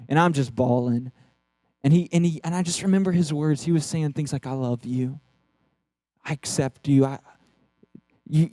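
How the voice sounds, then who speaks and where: A man with a high voice and a mellow, dark tone preaches a sermon. He talks earnestly and with animation, sometimes stumbling into quick restarts. The sound is dry and close. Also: dry recording. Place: church.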